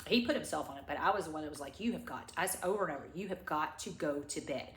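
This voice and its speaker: A woman's voice: low voice, expressive, a bit bright. Tearful middle-aged woman rambling through a story. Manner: halting, rambling, many restarts. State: crying. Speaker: vlogger. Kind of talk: tearful personal story time. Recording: echoey room.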